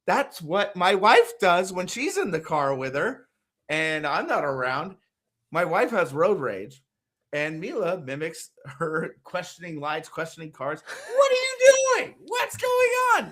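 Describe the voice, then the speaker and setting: A man in his thirties, a podcast co-host chatting casually and acting out lively stories. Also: a little high, unhurried. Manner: animated storyteller, acts out voices with shouts. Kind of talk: casual chat.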